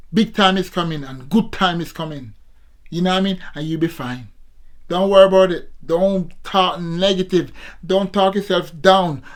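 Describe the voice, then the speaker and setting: A Jamaican man around sixty, a former amateur boxer, talking to his viewers in a casual vlog monologue, preachy and repetitive, always calling out to his audience. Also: on the high side. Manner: preachy, repetitive, keeps addressing viewers as people.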